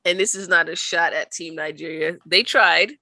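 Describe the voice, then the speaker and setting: A woman's voice: fairly low pitch, moderate pace, sharp tone, dry recording. A young woman co-hosting a sports podcast, chatting casually and rambling with playful laughs. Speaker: podcast co-host.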